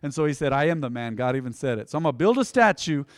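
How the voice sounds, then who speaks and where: A middle-aged male pastor giving a conversational sermon, dropping to a near hush and then surging loud. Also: medium pitch, very animated, racing, dry recording, studio quality.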